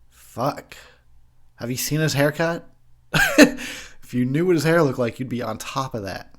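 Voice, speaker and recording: Tipsy, ranting man with a lively pitch. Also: a little slow, pauses often. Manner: profane, ranting, laughs a lot. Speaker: host. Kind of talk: drunk movie commentary.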